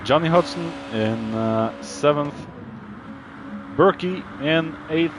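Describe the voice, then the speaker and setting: A man commentates a simulated endurance race live, in an unhurried delivery and a slightly high voice. He gets excitable when cars spin or crowd each other, calling out warnings to the drivers. Faint noise sits under the recording. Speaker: sim racing commentator.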